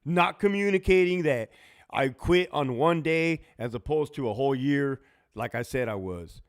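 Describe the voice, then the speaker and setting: A man's voice: mid-range voice, expressive, normal speed. A man hosting a casual livestream, ranting bluntly and profanely and laughing often between lines. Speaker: livestream host, former prison officer.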